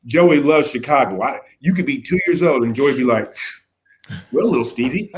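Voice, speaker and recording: A man speaking as a youth pastor guest in a casual conversation, animated, acting out little quotes and often checking in with "right?". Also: medium pitch, fairly quick, a crowd in the background. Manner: animated, acts out quotes, keeps asking "right?".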